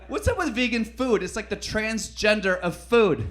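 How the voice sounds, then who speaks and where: Brash, crude stand-up man, fairly high. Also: sing-song, moderate pace, noisy background. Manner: brash and crude, swinging between loud bursts and mutters. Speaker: stand-up comedian. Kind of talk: stand-up routine.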